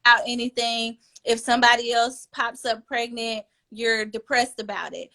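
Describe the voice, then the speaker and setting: Bright-voiced earnest woman coach. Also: fairly high pitch, fairly even intonation, normal speed. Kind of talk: casual podcast conversation.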